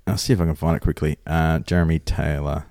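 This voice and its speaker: A man's voice: rumbling low, steady tone, fast talker, creaky, darkish tone, no echo, clean studio sound. A man co-hosting a podcast, joking, swearing and laughing as he tells stories in casual banter. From Australia. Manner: swearing, laughing, jokey storyteller. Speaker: podcast co-host.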